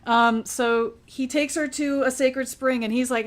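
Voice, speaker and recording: A woman's voice: sits high, steady tone, measured pace, hardly any pauses. A woman casually recapping a book on a podcast, chatty and laughing often. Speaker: podcast co-host.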